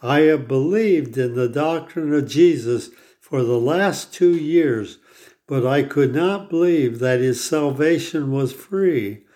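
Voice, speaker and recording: A man voicing an old pearl diver who speaks earnestly and pleads, in a slow, dark voice. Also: fairly high pitch. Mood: pleading. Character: old male pearl diver, proud and grieving.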